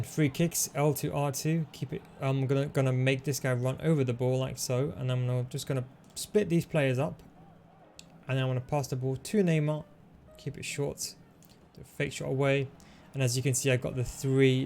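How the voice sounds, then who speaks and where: A man hosting a gaming tutorial, talking through his moves in a relaxed, coaching way as he plays. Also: medium pitch, moderate pace, creaky, slight background noise. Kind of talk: commentary over gameplay.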